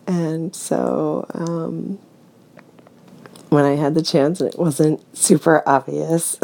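A young woman telling a story to a coworker in casual spoken role-play, hesitant with many ums and soft laughs. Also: low voice, creaky.

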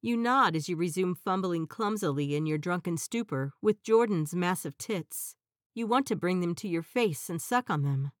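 Woman narrator for a spicy audio story, dry close sound, mid pitch. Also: no room sound.

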